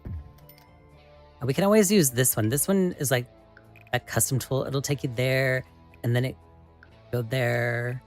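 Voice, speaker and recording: A woman hosting a live stream, chatting casually and excitably with viewers as she builds, often exclaiming and laughing. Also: a bass voice, unhurried, long pauses, faint music behind. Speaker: livestream host.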